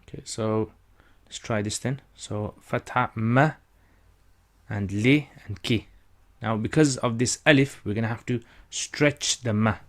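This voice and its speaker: Slow, patient male reading teacher. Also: fairly low pitch, fairly bright tone. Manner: patient, repeats syllables and stretches vowels for learners. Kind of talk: slow step-by-step lesson.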